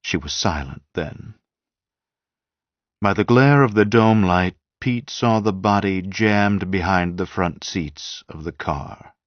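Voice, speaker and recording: A man narrating an audiobook in a measured, even storytelling manner. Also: low-pitched, no room sound. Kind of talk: audiobook reading. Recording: dull dry lo-fi sound.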